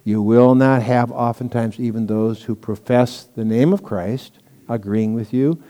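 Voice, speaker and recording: Conversational preacher in a reverberant hall. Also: male voice, medium pitch, unhurried, mellow. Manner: conversational, with anecdotes and asides. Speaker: pastor. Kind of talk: sermon, Bible teaching.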